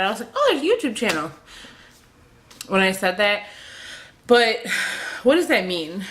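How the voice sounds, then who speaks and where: A woman's voice: mid-range voice, sharp tone. A young woman talking in an emotional confessional vlog, hesitant and rambling, with many fillers and restarts, near tears. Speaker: beauty vlogger.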